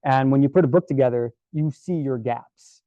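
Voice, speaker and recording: A man giving a casual storytelling presentation to a club, relaxed and chatty with many fillers and restarts. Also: medium pitch, normal speed, no room sound, muffled recording. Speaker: guest presenter at a camera club.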